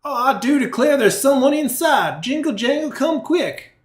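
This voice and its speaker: A man's voice: very high-pitched, lively intonation, normal speed. A man voicing a scheming, overly polite male prospector who talks in flowery old-timey phrases. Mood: coaxing. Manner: flowery old-timey speech, hesitant restarts. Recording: roomy echo.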